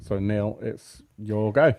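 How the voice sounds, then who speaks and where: A man running a tabletop role-playing game as game master, relaxed and hesitant with many fillers. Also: on the low side, slow pace. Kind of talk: running a tabletop game over a live stream.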